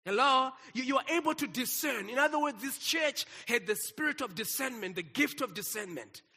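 A man's voice: very high voice, lively intonation, normal speed, sharp tone, slightly rough, in a large hall. A man, preaching a sermon and calling out to his congregation. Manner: exclaims and calls out to the congregation. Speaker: pastor.

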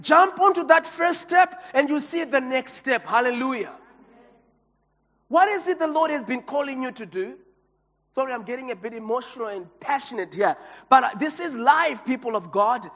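High-pitched guy preaching, all worked up and emotional, big echoey hall, kinda muffled audio. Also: animated, normal speed, a bit bright. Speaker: pastor. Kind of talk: sermon. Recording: reverberant hall, dull lo-fi sound.

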